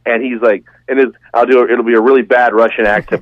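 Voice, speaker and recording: A man's voice: medium pitch, steady tone, fast, hardly any pauses, no room sound. A man telling a long, rambling, enthusiastic story as a guest in a casual podcast chat. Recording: dull, dry, lo-fi sound.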